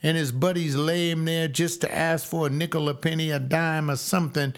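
A male preacher with a somewhat high voice preaches a sermon. His delivery is folksy and emphatic, and he slows down to drive his key phrases home. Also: steady tone. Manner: folksy, emphatic preaching with slow stressed repeats.

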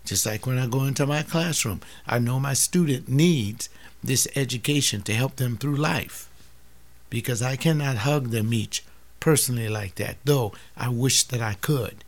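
Brief: older male preacher, gravelly, impassioned, drops from loud appeals to near-whispers. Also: mid-range voice, moderate pace. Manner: acts out family dialogues, swings from loud to hushed. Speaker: teacher giving a sermon-like talk.

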